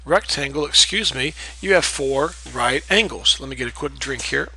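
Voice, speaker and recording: A man's voice: mid-range voice, animated, unhurried, bright, forceful tone, husky, rough recording. A man teaching a math lesson in a patient, explanatory way, repeating key terms and checking in with "okay?". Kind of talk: recorded classroom lecture.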